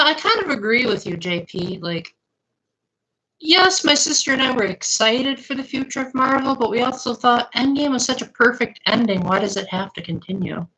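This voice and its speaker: A woman's voice: fairly high pitch, expressive, moderate pace, sharp tone, rough recording. A young woman streaming live, chatting casually and answering her viewers' comments.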